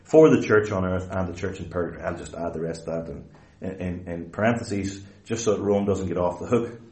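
A man preaching a theological lecture-sermon, emphatic and deliberate, stretching key words and correcting himself as he explains. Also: sits low, dark tone. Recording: roomy echoey hall.

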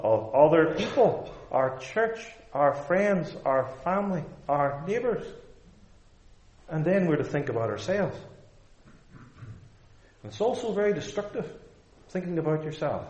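A man's voice: on the high side, darkish tone. A man preaching a sermon in a church, emphatic and fond of rhetorical questions. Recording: echoey room.

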